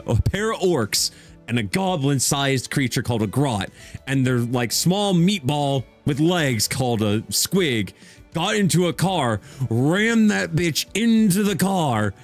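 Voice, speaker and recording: A man's voice: a little high, sing-song, measured pace, faint music behind. A man streaming as a VTuber in a casual chat, talking with rambling enthusiasm and frequent restarts.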